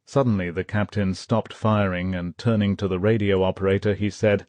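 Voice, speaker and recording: A man reading an audiobook in steady, measured scripted narration. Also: on the low side, no echo. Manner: measured, steady storytelling, voicing characters' shouts.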